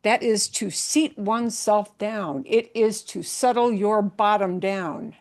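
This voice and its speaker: A woman's voice: medium pitch, slow, darkish tone. A woman Spanish teacher explaining grammar to her class patiently, step by step, with everyday examples.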